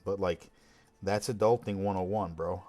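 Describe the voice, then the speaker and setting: A man's voice: low-pitched, fairly even intonation, normal speed, darkish tone, a little hiss or hum. A man chatting casually while streaming a game, rambling and swearing freely in a laid-back way. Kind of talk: casual chat while gaming.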